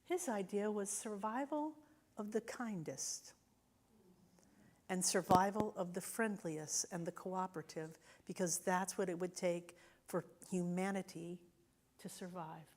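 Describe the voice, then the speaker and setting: A woman's voice: on the low side, unhurried, a little mellow. Conversational woman minister preaching. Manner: conversational, often asks the congregation "right?". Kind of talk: sermon. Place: church sanctuary.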